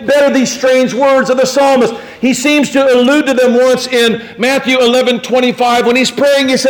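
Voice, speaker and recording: A man preaching a sermon as pastor, animated, swinging from shouting to hushed tones and declaiming scripture aloud. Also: very high-pitched, moderate pace, hardly any pauses.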